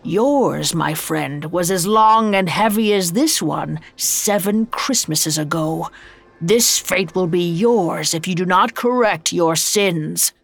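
A woman's voice: fairly low pitch, slow, gravelly, full character voice. Woman voicing a grim chained old ghost. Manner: grave, solemn warnings.

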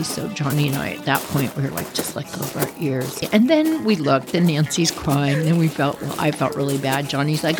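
A woman's voice: deep voice, moderate pace, hardly any pauses. A woman hosting a storytelling podcast, narrating animatedly and acting out the characters' voices. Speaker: storyteller and host. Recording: music playing underneath.

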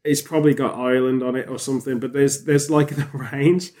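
A man chatting on a podcast, rambling and animated, with frequent restarts. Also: medium pitch, fairly quick. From England. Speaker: podcast host. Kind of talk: casual podcast chat.

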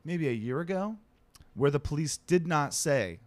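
A man's voice: on the high side, moderate pace, no echo. Guy ranting about his day, acts out everyone, dry close sound. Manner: animated, swearing, acts out other people's lines. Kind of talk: casual storytelling chat.

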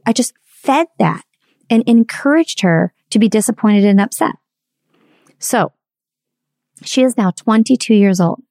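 A woman's voice: mid-range voice, darkish tone, no room sound, clean studio sound. A woman in her forties sharing a candid, confessional personal story and reflecting on parenting.

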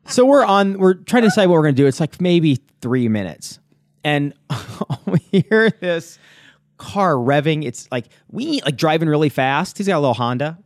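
A man's voice: on the high side, moderate pace, no room sound, studio quality. A middle-aged man co-hosting a casual chat, telling a story with lots of laughter. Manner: animated storyteller, laughs often. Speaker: co-host.

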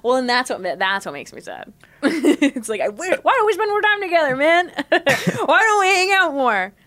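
Woman as a separated middle-aged man, sing-songy, evasive, animated pitch, improv comedy. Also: moderate pace. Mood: forced cheer. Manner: sing-songy, forced cheer.

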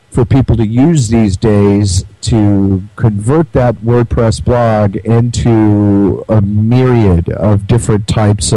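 Man, radio host, casual rambling chat, lots of fillers, mellow tone, dry close sound. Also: on the low side, dry recording, poor audio. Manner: rambling, many fillers and restarts. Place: remote broadcast from home.

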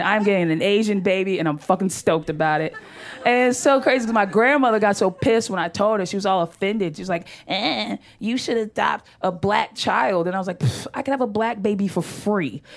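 A woman performing a stand-up comedy set on a club stage, brash and profane, telling stories in a loose conversational way into a handheld mic. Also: mid-range voice.

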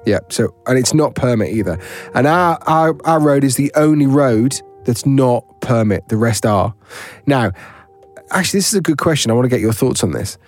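A man's voice: mid-range voice, expressive, normal speed, a little mellow, soft background music. A man co-hosting a casual chat show in a teasing, bantering way. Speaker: podcast co-host.

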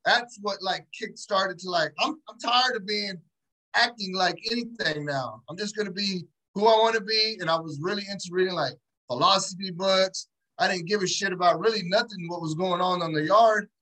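A man in an interview, telling stories in animated, slangy, profane street talk. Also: high-pitched, moderate pace, poor audio. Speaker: guest, entrepreneur. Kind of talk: casual interview storytelling.

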